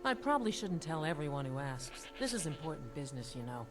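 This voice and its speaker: A woman's voice: low voice, big pitch swings, quick pace, music in the background. An actress playing a guarded female mercenary in a video game, who talks in a curt, dismissive way. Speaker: game character.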